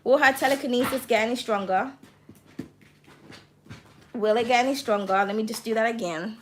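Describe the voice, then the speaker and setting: A woman reading tarot cards on a livestream, bubbly and excitable, swearing casually and calling viewers darling. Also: a little high, moderate pace, slight background noise.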